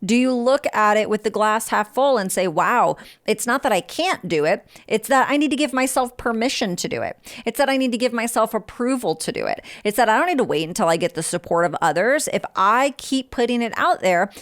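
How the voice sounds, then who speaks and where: A woman's voice: fairly high pitch, lively intonation, a little fast, hardly any pauses. A woman hosts a motivational podcast. She speaks in a direct, frank coaching manner and keeps it informal, addressing listeners like friends. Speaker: podcast host.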